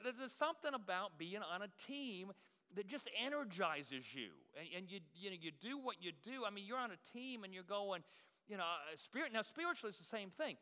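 Man, pastor, sermon, folksy self-deprecating storyteller, slightly high voice, long reverb of a church hall. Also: animated, brisk, pushed and bright, clean tone. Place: church sanctuary.

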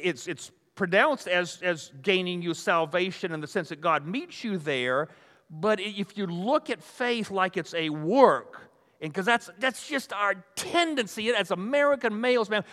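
A man's voice: high-pitched, animated, measured pace, fairly bright tone. An older man preaching a conversational sermon to a live audience, rambling and folksy, with many restarts and asides. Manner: rambling, folksy, full of restarts and "you know". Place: hall with an audience. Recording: long hall reverb.

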